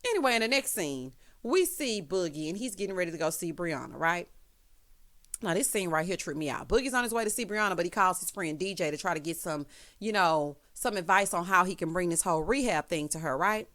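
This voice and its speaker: A woman giving a casual, sassy recap of a reality TV episode, with animated asides. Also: fairly low pitch, a little fast. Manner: sassy, animated, with frequent exclamations. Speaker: TV recap vlogger.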